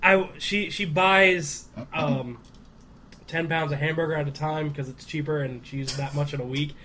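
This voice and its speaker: Male podcast co-host, high and bright, animated storyteller; faint noise. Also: moderate pace. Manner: animated storyteller doing character voices. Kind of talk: casual chat, storytelling.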